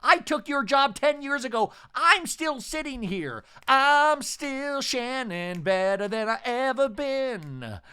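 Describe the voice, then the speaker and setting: A man doing a mocking impression of a loud, boastful woman in a high, shrill voice. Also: expressive, slow, hardly any pauses, clean tone, heavily acted. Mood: defiant.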